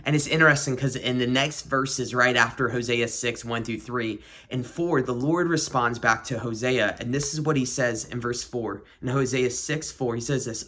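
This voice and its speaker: A man's voice: medium pitch, steady tone, normal speed, fairly bright tone. A man hosting a devotional podcast, praying and reading scripture in a reflective, earnest way and repeating key phrases. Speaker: podcast host.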